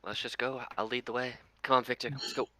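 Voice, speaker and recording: A man's voice: medium pitch, flat delivery, fast, sharp tone. A man playing a tabletop game in casual chat, with a dry, joking delivery. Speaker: player.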